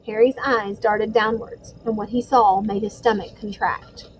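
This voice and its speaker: A woman narrating a storybook chapter in a measured, suspenseful way. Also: mid-range voice, fairly even intonation, background noise. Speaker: audiobook reader.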